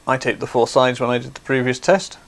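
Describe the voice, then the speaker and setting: A man's voice: mid-range voice, fairly even intonation, a little fast, creaky. A man hosting a craft livestream, chatty and explaining things step by step. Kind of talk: casual demonstration.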